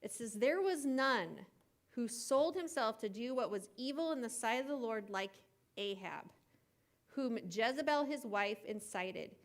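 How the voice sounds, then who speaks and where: A woman with a somewhat high voice leads a children's camp gathering. She retells a Bible story in a loose, chatty way. She fills it with asides and casual filler words. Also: fairly bright tone. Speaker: kids camp Bible teacher.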